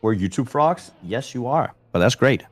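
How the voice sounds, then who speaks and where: A man's voice: medium pitch, lively intonation, normal speed. A man in his thirties with a light Danish accent, chatting casually on a game stream and answering chat. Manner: easygoing, chatty, self-deprecating.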